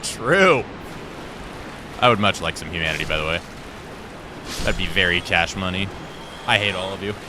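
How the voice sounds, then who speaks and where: A man's voice: low voice, fairly even intonation, a little fast, long pauses, noisy background. A young man live-streaming a game, joking with his chat in self-deprecating banter and explaining boss tactics step by step. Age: young adult. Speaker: gaming livestreamer. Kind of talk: casual live-stream chat while playing.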